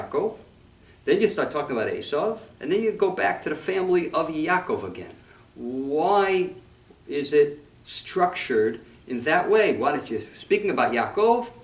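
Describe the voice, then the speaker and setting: A man giving a sermon as a rabbi, telling a story with lively emphasis and quoting Hebrew texts. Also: on the high side. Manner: animated storytelling, mixes Hebrew quotes and English. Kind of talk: sermon on scripture. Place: congregation hall. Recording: echoey room, mic far off.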